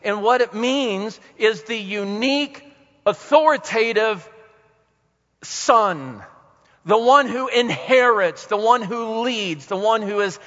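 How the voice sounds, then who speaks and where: A male pastor preaching a sermon with dramatic pauses, swinging between soft and loud emphasis, in a church hall. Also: high voice, expressive. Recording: dull recording in a reverberant hall.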